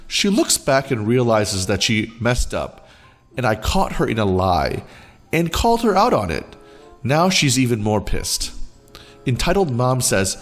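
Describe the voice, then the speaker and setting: A man narrating internet stories aloud to viewers in an expressive, storytelling manner. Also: medium pitch, measured pace, faint music behind. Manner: expressive, animated reading. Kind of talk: reading reddit stories aloud.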